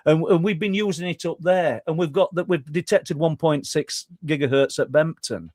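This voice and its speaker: A talkative middle-aged man with a Yorkshire accent spins out a story as a guest, tripping over his words and starting again. His voice sits fairly high for a man, and the sound is dry and close with almost no room on it. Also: moderate pace, no room sound. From Yorkshire, England. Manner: talkative, stumbling restarts, animated. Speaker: guest researcher. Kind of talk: storytelling in conversation.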